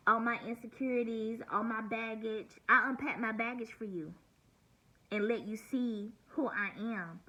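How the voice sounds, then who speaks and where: Forties woman, vlog rant, sharp bright higher voice, blunt and cussing, hurting. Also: poor audio. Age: 40s. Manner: blunt, venting, heavy swearing. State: hurt and near tears. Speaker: vlogger. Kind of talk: emotional personal vlog monologue.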